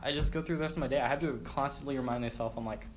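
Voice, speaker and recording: A man's voice: medium pitch, very fast. A young man in casual podcast chat, telling stories loosely with swearing and laughter. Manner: laid-back, swearing, laughing storyteller. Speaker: podcast guest. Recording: faint background noise.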